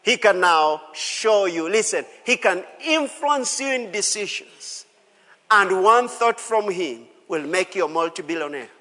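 A man's voice: high voice, expressive, a little slow, sharp tone, big-room sound. A man preaching a sermon as pastor, emphatic, repeating key phrases and calling out to the congregation. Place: church hall.

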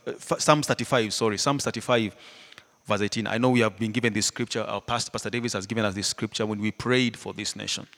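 A man preaching a sermon, animated, swinging between loud emphatic lines and hushed ones, often laughing. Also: on the low side. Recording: hall reverb.

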